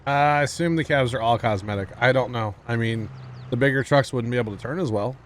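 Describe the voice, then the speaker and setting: A man's voice: medium pitch, fast, a little hiss or hum. A man livestreaming a farming game, chatting casually with his viewers and often apologizing with a laugh. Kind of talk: casual gameplay commentary.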